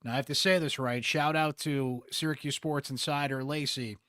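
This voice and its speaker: A man's voice: mid-range voice, fairly even intonation, moderate pace, fairly bright tone, dry recording. A man with a Central New York accent hosting a postgame sports podcast, chatty and candid with wry asides, close on the mic.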